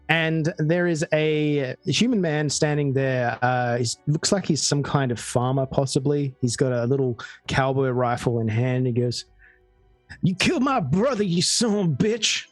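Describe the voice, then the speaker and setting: Australian male game master, relaxed, dry mic, faint music. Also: fairly high pitch, no echo. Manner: relaxed storytelling with frequent fillers. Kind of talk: narrating a tabletop game.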